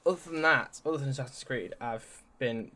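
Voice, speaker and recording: A man's voice: mid-range voice, a little fast, pushed and bright. A young man co-hosting a podcast, chatting casually about video games in a rambling way with casual swearing. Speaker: podcast co-host.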